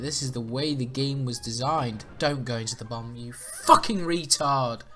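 A gaming YouTuber provides let's play commentary while playing a video game, swearing often, laughing, and yelping in panic. His voice is medium-pitched with a fairly bright tone.

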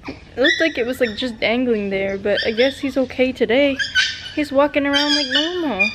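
A young woman vlogging at home, chatting casually and scolding her dogs. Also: moderate pace. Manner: scolding dogs, rising to high exasperated calls. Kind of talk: casual vlog chat. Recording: noisy home recording.

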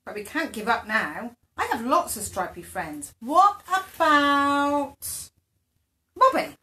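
A woman voicing a kindly, hopeful toy bear in a bedtime storybook, read gently. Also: high voice, big pitch swings, slow pace, exaggerated voice.

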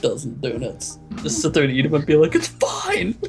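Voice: mid-range voice, gravelly, over loud music. A friend in a casual game chat, playful and joking. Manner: playful, quick jokes.

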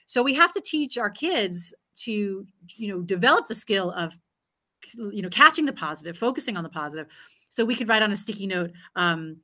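A woman in her thirties or forties with a bright, clear tone gives parenting advice in a live Q&A. She talks earnestly and leans on "you know" and "um" between thoughts. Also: mid-range voice, animated, normal speed. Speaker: parenting speaker. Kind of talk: live Q&A answer.

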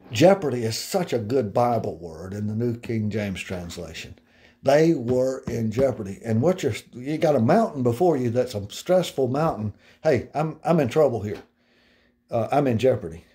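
A middle-aged male pastor preaching a sermon in an earnest, conversational way, slowing down to read scripture aloud and breaking into personal asides. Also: medium pitch, dark tone.

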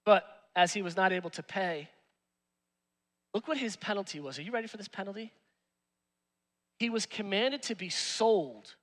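A man, the pastor, preaching a sermon in an animated, joking way with streetwise slang. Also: high-pitched. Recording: long reverb in a church hall.

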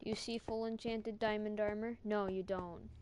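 A woman chatting casually over her own gameplay, often mumbling quietly to herself and greeting the creatures in the game. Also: medium pitch, little pitch movement, moderate pace, a little hiss or hum. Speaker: gaming streamer. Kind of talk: casual let's-play commentary. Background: loud game music.

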